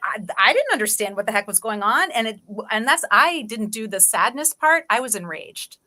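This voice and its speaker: Woman, podcast guest, coach, bright tense tone, slightly high voice, candid, slangy, laughs easily. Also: big pitch swings, normal speed. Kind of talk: casual podcast conversation.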